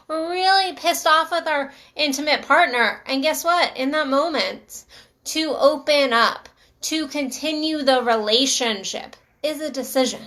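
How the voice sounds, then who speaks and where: Middle-aged woman coach, high and bright, emphatic casual talk to camera. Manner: earnest, emphatic, repeats phrases. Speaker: relationship coach.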